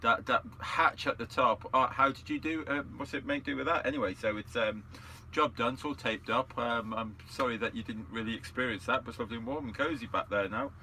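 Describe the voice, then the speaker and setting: Co-host, rambling, laughs a lot, bright edge. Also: male voice, medium pitch, fairly even intonation, a little fast, hardly any pauses, slight background noise. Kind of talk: casual chat.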